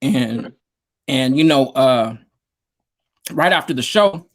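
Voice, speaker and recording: A man's voice: medium pitch, animated, takes it slowly. A man, a DJ and producer, telling stories in a casual interview, rambling with lots of fillers and slang over a video call. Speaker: guest, DJ and producer.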